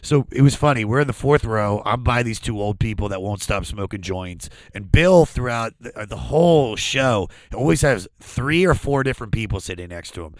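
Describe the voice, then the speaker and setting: A man, a comedian guest, telling a story in casual chat, animated and laughing often. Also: fairly low pitch, normal speed, hardly any pauses, dry recording.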